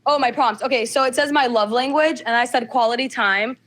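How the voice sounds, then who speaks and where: A woman calls in to a podcast and chats casually. Her voice sits a touch high, and she hesitates often, full of ums and likes. She talks in a loose, unpolished way. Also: fairly quick, a bit bright. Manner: hesitant, filler-heavy. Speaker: caller. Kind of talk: casual call-in chat.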